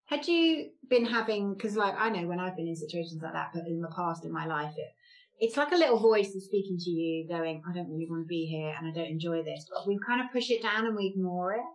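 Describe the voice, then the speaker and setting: A woman's voice: medium pitch, expressive. A woman hosting a podcast interview, empathetic and affirming, who echoes her guest and asks reflective questions. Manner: empathetic, affirming, quick to murmur agreement. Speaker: podcast host. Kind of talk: conversational interviewing.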